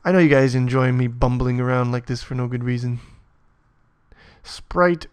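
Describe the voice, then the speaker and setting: A man's voice: mid-range voice, normal speed, clean tone, no echo. A man narrating a casual coding tutorial as he types, muttering, swearing often and mocking himself. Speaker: programming tutor.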